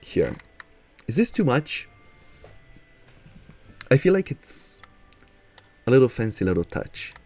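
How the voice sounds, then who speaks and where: A man's voice: mid-range voice, very animated, slow pace, pauses often, dark tone, breathy edge, faint music behind. A man streaming casually, chatting and thinking aloud as he builds in a game, with a manner.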